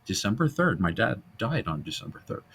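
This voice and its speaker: A man hosting a casual film-history podcast, animated and jokey, now and then breaking into silly voices. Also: lowish voice, fairly quick, creaky, a little hiss or hum. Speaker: podcast host.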